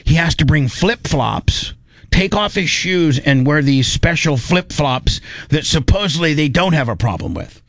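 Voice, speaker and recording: A man's voice: fairly high pitch, expressive, a little slow, fairly bright tone, dry recording. Rambling man hosting a podcast. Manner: rambling, loose and irreverent. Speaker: podcast host. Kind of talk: casual chat.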